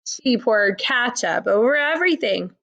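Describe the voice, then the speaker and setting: Woman, children's read-aloud, expressive, slow pace, lively pitch. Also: creaky, highs cut off. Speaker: storybook reader.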